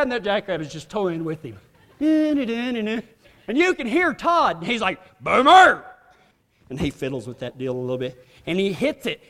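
This preacher's voice is extremely high-pitched and fairly bright as he delivers a folksy, funny sermon in a church hall. He laughs along with his own story and its drawling asides, all under long hall reverb.

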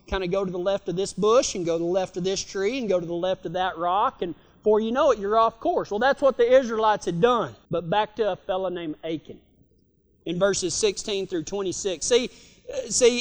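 A man preaching a folksy sermon, telling stories with frequent restarts. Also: sits high. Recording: long reverb of a hall.

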